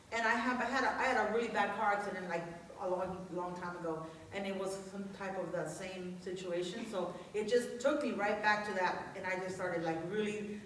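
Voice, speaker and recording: A woman with a fairly high voice preaches in a chatty, earnest way, often restarting her sentences. She sounds far from the mic in a very echoey church hall, with faint noise underneath. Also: a bit bright. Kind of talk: conversational sermon.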